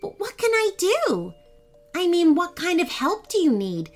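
A woman voicing an excited ten-year-old girl who asks eager, wide-eyed questions. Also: very high voice, unhurried, soft background music, pitched above the performer's own voice, full character voice.

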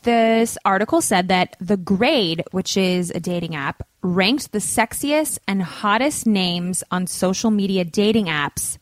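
A woman's voice: medium pitch, measured pace, hardly any pauses, no room sound. A young woman co-hosting a podcast in casual chat, talkative and full of "like". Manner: chatty, says "like" often. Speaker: podcast co-host.

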